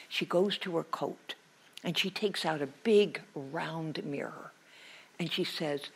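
A woman storyteller telling a folktale to a college class, dramatic and slow, dropping to hushed asides. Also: low voice, husky.

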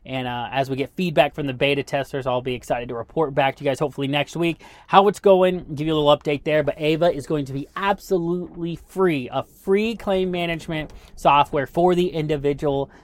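A man's voice: on the high side, a little fast, hardly any pauses, dry recording. A man hosting a podcast, giving casual motivational coaching with rhetorical questions. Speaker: podcast host.

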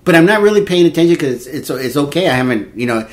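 A man in his fifties telling a dating story in casual chat, animated and laughing, acting out quotes. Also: fairly high pitch, fast talker. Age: 50s. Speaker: podcast co-host.

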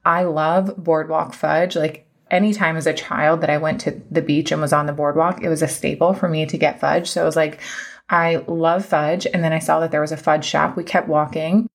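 A woman in her thirties hosts her own podcast as a coach, telling a story in a casual, emphatic manner. Her voice sits somewhat low with a gravelly fry. She sounds chatty and heartfelt. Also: fairly even intonation, moderate pace.

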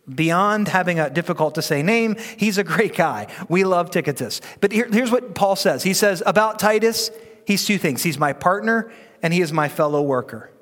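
High-voiced pastor preaching in a reverberant hall. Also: male voice, expressive, fairly quick, fairly bright tone. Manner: conversational and joking, leads the room in reading aloud. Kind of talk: sermon. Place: church sanctuary.

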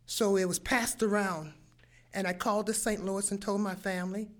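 An older woman telling a personal story, animated, acting out sounds and voices as she goes. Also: medium pitch, normal speed.

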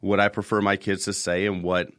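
A man's voice: deep voice, little pitch movement, brisk, a bit bright, no echo, studio quality. A man in his thirties hosting a casual podcast, telling rambling stories and repeating words as he goes. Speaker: podcast host.

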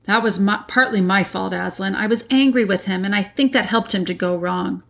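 A woman's voice: medium pitch, normal speed, gravelly, natural voice. A woman reading aloud, voicing an earnest young boy who is the eldest brother, speaking in urgent half-whispers. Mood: hushed, earnest.

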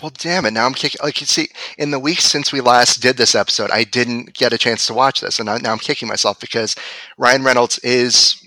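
Bright-voiced man, podcast guest. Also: mid-range voice, fairly quick, dry recording, poor audio. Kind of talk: casual chat.

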